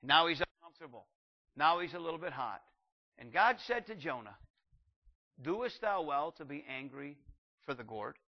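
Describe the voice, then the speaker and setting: An older man preaching a sermon, animated, shouting out acted quotes and slowing down to read scripture. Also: fairly high pitch, lo-fi sound.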